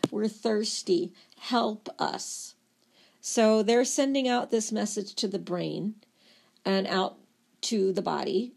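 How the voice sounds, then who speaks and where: A woman lecturing on body systems, telling the material as a playful, animated story. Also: mid-range voice, vocal fry. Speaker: nursing lecturer.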